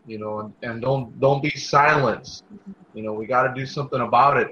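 A man calling in, freshly woken, halting and hesitant with many fillers. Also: medium pitch, steady tone, pushed and bright, lo-fi sound, slight background noise. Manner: halting, hesitant, then fervent. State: just woke up. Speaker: caller.

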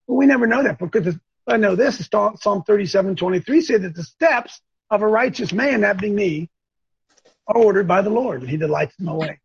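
A man hosting a call-in talk show, preaching fervently and bursting into shouts, clearing his throat now and then. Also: high voice, fairly quick, no echo, lo-fi sound. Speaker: host.

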